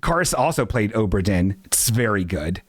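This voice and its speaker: A man's voice: lowish voice, very animated, normal speed, dry recording, clean studio sound. A man hosting a casual livestream chat, rambling, profane and self-mocking as he reads comments. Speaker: live show host.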